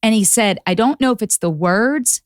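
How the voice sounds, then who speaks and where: Animated woman telling a story. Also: a little high, moderate pace, no echo, studio quality. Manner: animated storyteller acting out quotes. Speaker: podcast guest. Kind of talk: casual chat.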